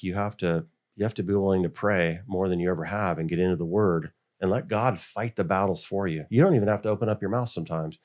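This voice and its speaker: A middle-aged American man, a school board member, telling stories in a casual interview and acting out the voices he quotes. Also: on the low side. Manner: animated, acts out quoted voices.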